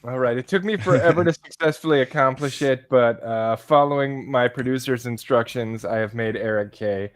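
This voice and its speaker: Man, mid pitch, blunt and profane, dry recording. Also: normal speed, few pauses, dry recording. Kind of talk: casual chat.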